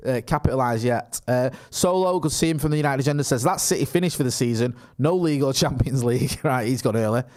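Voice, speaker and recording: A man's voice: mid-range voice, fast talker, hardly any pauses, darkish tone. Chatty man reading out live chat. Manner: chatty, reads out viewer comments, laughs often. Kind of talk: casual live-stream chat.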